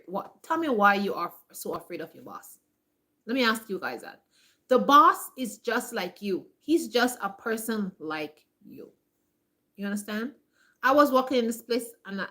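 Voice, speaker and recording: In a bright, mid-range and very animated voice, a homesteading vlogger gives her viewers a casual motivational talk. She speaks emphatically, repeats herself, uses "like" constantly, and does quick impressions of other people.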